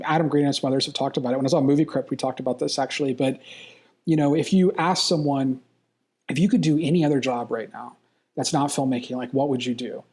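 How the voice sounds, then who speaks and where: A man's voice: fairly high pitch, a little mellow. A man talking as a filmmaker guest in a casual interview, enthusiastic and rambling, from a hotel room. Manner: enthusiastic, rambling, quick bursts.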